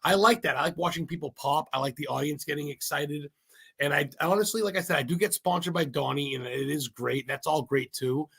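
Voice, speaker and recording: A man from Maine, a podcast guest, talking in a rambling, excitable way and swearing freely. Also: on the high side, a little fast, vocal fry, breathy edge. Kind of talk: casual interview chat.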